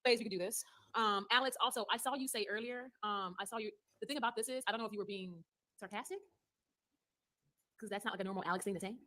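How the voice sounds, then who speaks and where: Woman in a clip, talks extremely fast, gossipy and profane, mid pitch. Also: bright, forceful tone.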